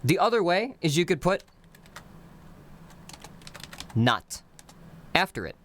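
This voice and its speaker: A man teaching his constructed language on a live stream, in a slow, explanatory way that breaks phrases into their literal word-by-word meanings. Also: high-pitched, sing-song, fairly bright tone, a little hiss or hum.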